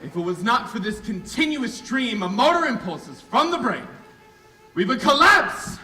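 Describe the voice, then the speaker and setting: A man playing an excitable young doctor in a school stage musical, lecturing and breaking into song. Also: very high voice, moderate pace, distant mic, full character voice. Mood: showy lecture. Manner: theatrical, showy, bursts into song. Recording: echoey hall from afar with band.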